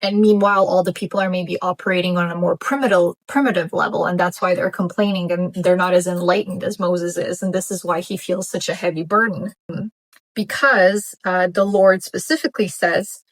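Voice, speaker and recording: A woman's voice: lowish voice, fairly even intonation, a little fast, no room sound, rough recording. A woman vlogger reflecting on her Bible reading in casual commentary, thinking aloud with fillers and restarts. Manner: thoughtful, musing, frequent fillers and restarts.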